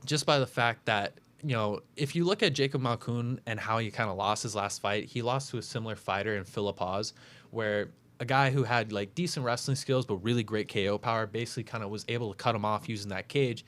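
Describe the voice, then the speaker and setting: A man's voice: on the low side, brisk, fairly bright tone. A man hosting a casual talk show, breaking down upcoming fights with lots of fillers and self-corrections. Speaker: podcast host making fight picks.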